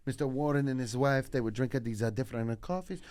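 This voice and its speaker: A man's voice: mid-range voice, steady tone, quick pace, darkish tone, smooth, no echo, natural voice. A man putting on a sad Italian storyteller. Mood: wistful. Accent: put-on Italian. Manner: broken grammar, heavy rolling storytelling. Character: sad middle-aged Italian man reminiscing.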